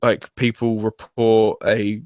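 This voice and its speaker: A man's voice: fairly low pitch, little pitch movement, slow pace, a little mellow, no echo. Chatty young man, dry sound. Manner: hesitant, restarts often, uses "like" a lot. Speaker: fan reviewer. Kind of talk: casual chat.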